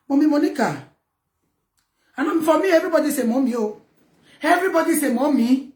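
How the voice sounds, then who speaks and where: Nigerian woman, high voice, echoey room, loud scolding rant. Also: animated, a little fast, pauses often. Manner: loud, scolding, mixes Pidgin and local words. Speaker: vlogger. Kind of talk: ranting commentary to camera.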